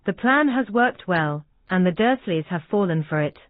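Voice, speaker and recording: Casting: woman voicing a watchful witch spy, slow, tinny and dry. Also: fairly low pitch, animated, no echo, close to an everyday voice. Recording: dry, tinny phone-like sound.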